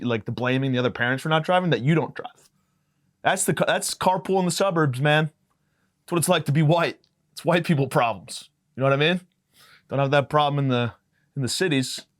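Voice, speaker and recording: A man hosts a podcast and tells stories in a rambling, profane, self-mocking way. His voice sits at an ordinary middle pitch. He is recorded close on a dry mic with no room sound. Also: fairly bright tone, no echo. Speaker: podcast host. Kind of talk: casual comedic storytelling.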